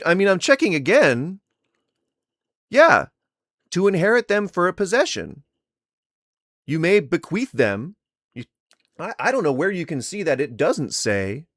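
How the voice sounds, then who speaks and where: Heated guy on stream yelling at chat, cussing, losing his voice, pretty dry sound. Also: on the high side, no room sound. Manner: angry, profane, lecturing. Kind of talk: heated livestream argument.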